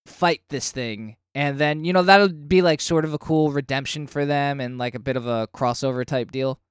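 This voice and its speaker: Smooth-voiced man ranting about comics. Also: fairly high pitch, normal speed, dry recording, studio quality. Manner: animated, swears when worked up. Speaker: podcast co-host. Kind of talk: casual comic book review chat.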